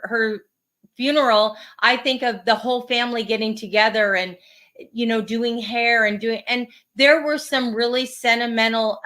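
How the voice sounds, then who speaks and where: A woman co-hosting a podcast in casual conversation. Her voice sits a little high and comes across bright and forceful. She talks in an earnest, reflective way, often starting her sentences over. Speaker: podcast co-host.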